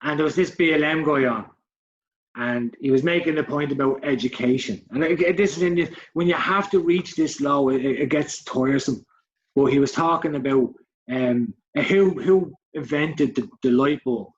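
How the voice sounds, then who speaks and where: Co-hosting a casual podcast, a man in his forties talks at a moderate pace in a voice on the high side. He gets heated, curses, and mocks others with put-on voices, and the audio is dull and lo-fi.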